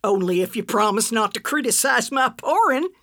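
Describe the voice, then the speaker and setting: A woman voicing a prim elderly woman in her seventies who delivers dry, deadpan put-downs in a storybook. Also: a little high, moderate pace, no echo, voice pushed up. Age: 70s.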